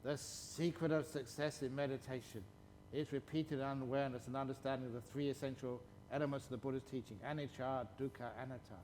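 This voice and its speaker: A man, a Buddhist monk, giving a playful dharma talk and answering questions at a retreat, chuckling and stretching words slowly for emphasis. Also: medium pitch, steady tone, a little mellow, a little hiss or hum.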